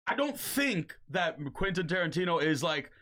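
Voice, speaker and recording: Animated young man chatting on a podcast. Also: high-pitched, moderate pace. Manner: animated, swearing, breaks into mock voices. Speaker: podcast co-host. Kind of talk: casual podcast chat.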